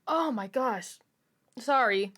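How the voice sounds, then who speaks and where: A woman's voice: fairly high pitch, animated, slow pace, fairly bright tone. A woman hosting a reaction video, chatting casually and reacting with amused comments. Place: at home in Utah.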